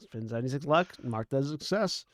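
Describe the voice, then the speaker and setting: A man acts as game master for a tabletop horror game, narrating scenes with halting restarts. His voice sits in the middle range and is recorded close with a dry sound. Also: medium pitch, expressive, no room sound.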